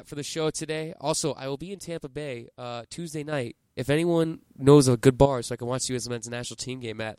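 A man's voice: mid-range voice, dry recording. A man in his twenties co-hosting a soccer podcast, talking in a jokey, enthusiastic way. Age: 20s. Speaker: podcast co-host. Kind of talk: casual sports chat.

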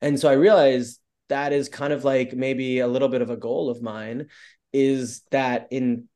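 A man's voice: medium pitch, flat delivery, unhurried, a little mellow. A man telling stories as a podcast guest, upbeat and open, often using "like" as filler. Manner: upbeat, open storyteller who leans on "like" a lot. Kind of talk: casual interview chat.

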